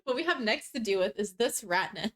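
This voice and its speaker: A woman's voice: mid-range voice, expressive, brisk. A young woman in her twenties chatting casually on a live stream as she repairs a cosplay, rambling and laughing as she talks. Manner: giggly, rambling storyteller with frequent laughs and fillers. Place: home room while crafting. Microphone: streaming setup.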